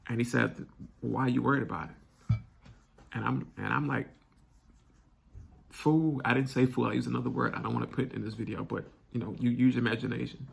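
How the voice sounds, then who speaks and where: A young man telling a personal story candidly, halting and restarting often. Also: medium pitch, level tone, gravelly, husky. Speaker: vlog host.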